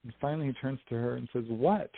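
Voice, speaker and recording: A man as an interview guest telling a story in a casual, animated way, acting out what people said, over a dry phone line. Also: mid-range voice, very fast, gravelly, slight background noise. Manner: animated storyteller, acts out quotes. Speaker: guest, UFO investigator and author.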